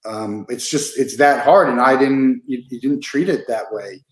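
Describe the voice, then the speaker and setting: Host, male, mid-pitched, casual and halting, echoey room. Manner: conversational, many fillers and restarts. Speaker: podcast host. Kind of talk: casual interview conversation.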